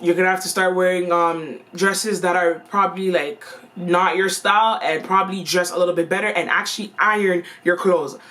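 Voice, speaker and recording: A woman voicing a teenage boy friend who gives matter-of-fact, instructive love advice in a slightly lower voice. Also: fairly even intonation, moderate pace, sharp tone. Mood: instructing.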